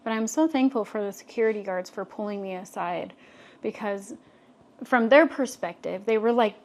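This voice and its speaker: A young adult woman, co-hosting a podcast and telling a personal story in a casual, animated way with many fillers. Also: mid-range voice, normal speed. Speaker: podcast co-host.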